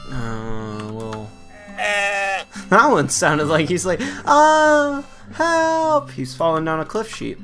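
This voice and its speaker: Playful man joking through a game. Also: medium pitch. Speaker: gamer. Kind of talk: let's play commentary. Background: game music.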